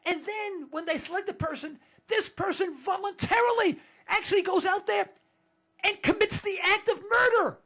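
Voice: extremely high pitch, normal speed, bright, forceful tone. A political commentator delivering an indignant monologue to listeners, full of rhetorical questions and stammered restarts.

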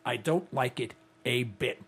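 A man's voice: mid-range voice, measured pace, a bit bright, husky. A man in his sixties hosting a talk radio show, speaking in a rambling, indignant, impassioned way. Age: 60s. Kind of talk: opinionated talk radio monologue.

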